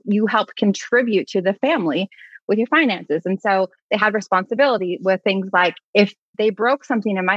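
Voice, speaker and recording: A woman in her forties, an animated storyteller who laughs often, in casual conversation as a guest. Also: medium pitch, no echo, dull audio.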